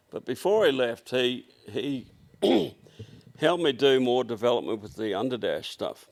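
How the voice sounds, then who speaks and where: A man's voice: mid-range voice, gravelly. An older Australian man with a workshop, telling rambling, blunt anecdotes full of fillers and restarts in a casual interview. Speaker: workshop owner, guest.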